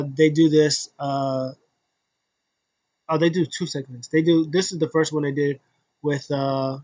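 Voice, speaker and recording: Rambling man recapping wrestling, fairly high voice. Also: a little mellow, muffled recording. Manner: rambling, many fillers and restarts, acts out quotes. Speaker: wrestling show recap host. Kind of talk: casual recap vlog.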